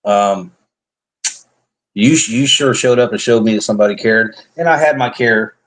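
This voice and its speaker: On an online live stream, a man with a fairly low, fairly bright voice shares his faith testimony at a moderate pace. He's earnest and rambling, often restarting and cracking light jokes in this casual, heartfelt chat, and the recording is rough.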